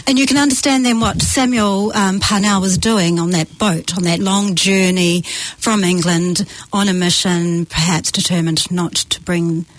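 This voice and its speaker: A woman's voice: lowish voice, fairly even intonation, a little slow. A woman hosting a casual talk show, encouraging her guest. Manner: encouraging, brief interjections.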